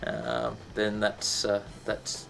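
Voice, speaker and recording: A man's voice: fairly low pitch, completely flat delivery, very slow, creaky, a bit bright. A man teaching a casual lesson, chatty and full of ums and restarts, breaking into sound effects.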